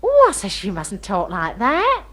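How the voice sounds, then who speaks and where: An actress performs a heavily acted comic monologue as a gossipy, starry-eyed working-class girl from London, speaking ungrammatically as she tells a funny tale. Her mid-range, slightly bright voice swings hugely in pitch at a measured pace.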